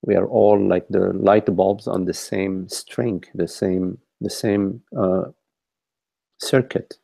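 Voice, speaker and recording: A man's voice: deep voice, steady tone, slow pace, creaky, dark tone, husky, no echo. A man leading a contemplative dialogue over an online call, searching for words and often repeating and restarting his phrases. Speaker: spiritual teacher.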